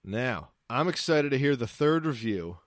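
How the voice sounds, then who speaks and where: A man's voice: medium pitch, lively intonation, a little slow, no room sound, clean studio sound. A man co-hosting a podcast in casual, crude, rambling, jokey chat. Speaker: podcast co-host.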